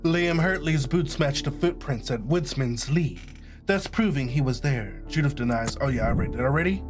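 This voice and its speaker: A gaming streamer giving casual, sassy let's-play commentary with laughing asides, reading game text aloud. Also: male voice, mid-range voice, animated, normal speed, over music.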